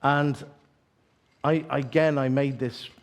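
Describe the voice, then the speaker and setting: A man's voice: medium pitch, steady tone, takes it slowly. A man preaching at a church evening gathering, telling stories with self-deprecating humor and frequent restarts. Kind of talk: storytelling sermon.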